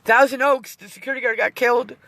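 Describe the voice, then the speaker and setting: Gravelly-voiced middle-aged woman, emotional live vlog. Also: a little high, fairly even intonation, quick pace, fairly bright tone. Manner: emotional, rambling, teary at times, swears. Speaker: vlogger. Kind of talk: casual live-stream chat. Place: inside a parked van.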